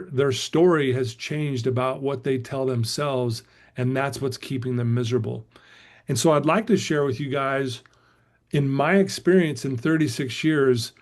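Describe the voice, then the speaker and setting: A middle-aged man giving a casual motivational talk, telling a story earnestly with frequent fillers and restarts. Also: medium pitch. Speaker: motivational speaker and recovery coach.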